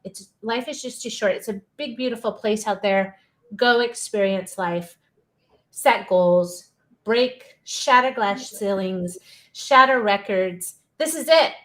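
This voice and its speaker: A woman's voice: medium pitch, slow, a bit bright. A woman hosting a live-streamed interview show, chatty and upbeat, cheering her listeners on. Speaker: podcast host.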